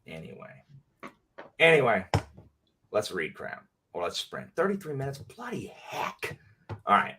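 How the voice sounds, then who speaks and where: A man hosting a livestream, talking in a heated, animated rant full of slang in casual chat. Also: fairly low pitch, normal speed, pauses often, background noise. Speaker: livestream host. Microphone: clip-on mic. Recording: distant from the mic.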